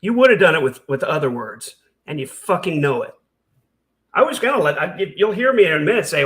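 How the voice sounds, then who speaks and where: A high-pitched man delivers angry reaction commentary. He is sarcastic and heated, swearing often as he rants. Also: very animated, a little fast, a bit bright. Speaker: commentary channel host.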